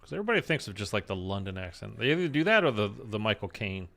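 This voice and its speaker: A man's voice: lowish voice, very animated, fast talker, creaky, a bit bright. A man streaming a video game, chatting casually in a rambling way full of fillers. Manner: rambling, filler-heavy talk. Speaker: live streamer. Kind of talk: casual chat while gaming.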